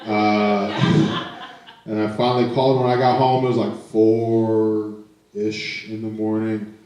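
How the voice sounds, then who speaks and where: A young man with a lowish voice tells stand-up stories in a laid-back, deadpan way, swearing as he goes. He sounds set back from the mic, and the room rings with a strong echo. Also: slow, far from the mic. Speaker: stand-up comic. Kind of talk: stand-up storytelling. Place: art gallery.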